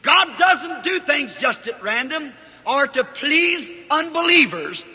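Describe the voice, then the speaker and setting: A man preaching a fervent revival sermon in a large hall before a congregation, often rising to shouts. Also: very high-pitched, very animated, slow pace. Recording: reverberant old hall recording.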